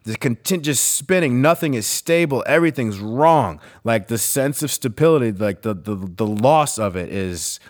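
A man's voice: mid-range voice, moderate pace, hardly any pauses. Profane, blunt man hosting a podcast. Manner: blunt, profane, animated when riled. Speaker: podcast host. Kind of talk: casual chat.

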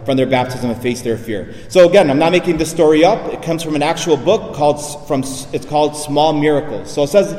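A male priest delivering an emphatic sermon, dropping his voice low and soft on key lines. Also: a little fast, few pauses. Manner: emphatic preaching, drops low and soft for weight. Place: church. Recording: echoey church reverb.

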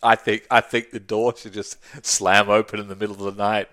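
A man's voice: lowish voice, little pitch movement, fairly quick, bright, forceful tone. A man chatting casually about a tabletop game, rambling, swearing freely and laughing often. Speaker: tabletop game podcast co-host. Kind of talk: casual chat.

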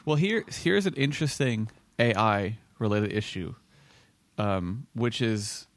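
A man's voice: fairly low pitch, animated, takes it slowly, dry recording. A man co-hosting a podcast over a video call, chatting in a playful, digressive way. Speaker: podcast co-host. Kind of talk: casual podcast chat.

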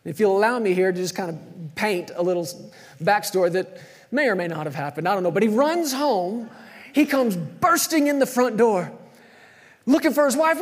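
A man's voice: sits high, expressive, brisk, big-room sound. A man preaching a sermon, telling a story with energy and calling on the congregation to answer back. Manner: storytelling, calls on the congregation to respond.

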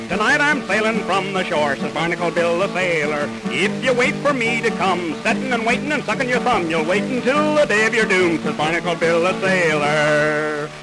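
A boisterous old sailor. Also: male voice, expressive, normal speed, over loud music, poor audio. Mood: rowdy, boastful. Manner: boisterous singing with high whoops. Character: rough old hard-drinking sailor. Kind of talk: 1920s comic folk song. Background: band accompaniment.

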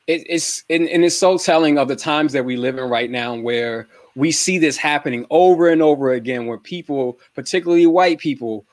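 A man's voice: a little high, normal speed, few pauses, dry recording. A man hosting a casual panel discussion, talking with many restarts and fillers and passing questions to his guests. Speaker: host.

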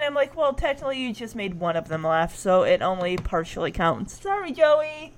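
A high-voiced woman chats casually through an episode recap. She giggles often and acts out the characters' lines as she goes. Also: very animated, normal speed, hardly any pauses, fairly bright tone.

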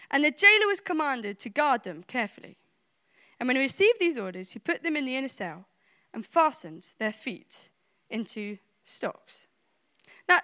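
Animated high-voiced woman preacher. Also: no room sound, studio quality. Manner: emphatic, with rhetorical questions and repetition. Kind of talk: sermon retelling a scripture story.

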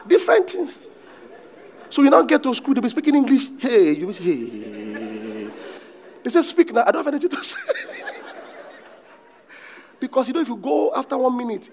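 A middle-aged Nigerian-accented pastor preaches with animated energy, breaking into bursts of shouting. His voice is very high, with slight background noise behind it.

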